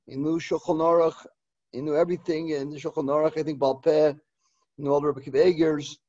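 An older man, a yeshiva head, delivering a eulogy sermon in a halting, repetitive way, with Hebrew and Yiddish terms mixed in. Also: on the high side, flat delivery, a little mellow, dry recording, muffled recording. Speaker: rosh yeshiva giving a eulogy.

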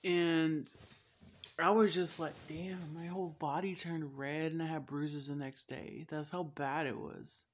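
Young woman vlogger, slightly low voice, rambling profane storytelling with frequent laughs. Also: fairly even intonation, measured pace. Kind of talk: casual storytelling vlog.

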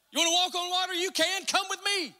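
High-voiced Southern preacher, folksy and joking. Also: male voice, steady tone, brisk, pushed and bright. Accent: Southern US, north Georgia. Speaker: pastor. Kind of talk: sermon. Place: church sanctuary. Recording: long reverb in a church hall.

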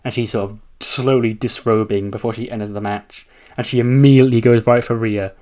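A man gives loose, play-by-play narration of a wrestling game playthrough. He talks casually, chuckling often and throwing in the odd swear word. His voice sits at an ordinary middle pitch. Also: steady tone, a little fast, darkish tone.

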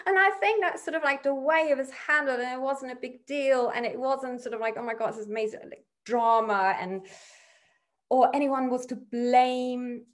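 A woman's voice: sits high, moderate pace. A middle-aged woman, a hospitality executive, casually telling an anecdote in an interview, full of fillers like "like" and "kind of". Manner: chatty, many fillers like "like" and "kind of".

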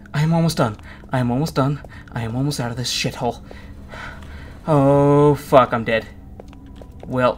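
A man's voice: a little high, a little hiss or hum. A man commenting on his own horror game playthrough, jumpy and panicky, swearing and muttering to himself. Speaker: gaming YouTuber.

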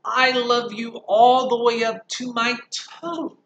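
A man voicing a small young boy hare from a storybook, speaking high, loud and drawn out. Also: little pitch movement, slow, roomy sound, highs cut off, a little hiss or hum, exaggerated voice. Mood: eager.

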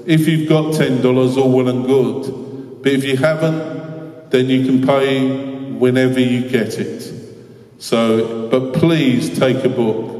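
A man's voice: medium pitch, fairly even intonation, slow, dark tone. Earnest man in an echoing hall. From London, England. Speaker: guest speaker. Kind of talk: inspirational talk with storytelling. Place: large school assembly hall. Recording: echoey hall from far off.

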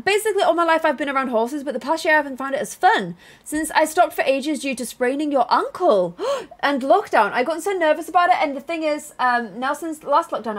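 A young woman streaming a game live, chattering excitably and getting flustered, reading out chat messages between plays. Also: high voice. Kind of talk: live gameplay commentary.

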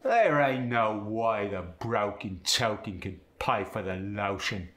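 A man's voice: lowish voice, expressive, slow, fairly bright tone, roomy sound. A man voicing a cheeky Cockney Londoner, demonstrating example lines with tag questions in a broad put-on accent.

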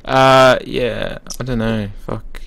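A man's voice: mid-range voice, level tone, takes it slowly, vocal fry, a bit bright, no echo. A young man chatting casually and laid-back while co-hosting a game session, often trailing off and swearing. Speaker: gaming co-host.

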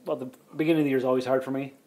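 A man hosts a relaxed podcast chat, joking and rambling as he goes. His voice sits at an ordinary middle pitch and bounces up now and then for comic effect. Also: racing. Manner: jokey, rambling, with playful pitch jumps. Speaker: podcast host. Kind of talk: casual chat.

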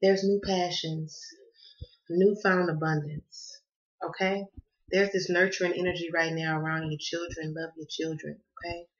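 A woman's voice: fairly low pitch, flat delivery, normal speed, lo-fi sound. Chatty Southern woman tarot reader. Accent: Southern American. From Southern United States. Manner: chatty, laughing, says "okay?" and "baby" often, swings loud to soft. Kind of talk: casual spiritual reading to camera.

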